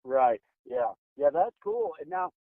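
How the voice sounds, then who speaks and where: A man's voice: medium pitch, unhurried, dry recording. A man hosting a podcast, chatting casually and cracking jokes with his guest. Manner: joking, lively interviewer. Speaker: podcast host. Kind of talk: casual chat. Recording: dry phone-like podcast audio.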